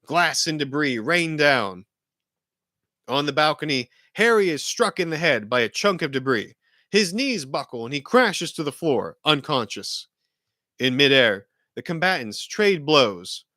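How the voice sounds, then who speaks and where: Lively, bright-voiced man reading a script. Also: fairly high pitch, measured pace, no echo, clean studio sound. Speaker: host reading a film script.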